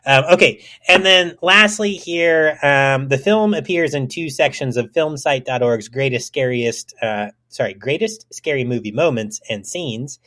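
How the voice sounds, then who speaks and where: A man's voice: mid-range voice, animated, a little slow, hardly any pauses, sharp tone. A man co-hosting a casual podcast, rambling and joking, swearing freely as he reads out film trivia. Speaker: podcast co-host.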